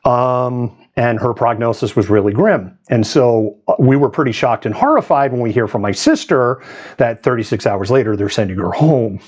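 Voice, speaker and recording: A man's voice: mid-range voice, normal speed, a little mellow, husky. A man from the US East Coast hosting a live news stream, talking in a chatty, digressive way and laughing often. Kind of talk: casual live-stream commentary.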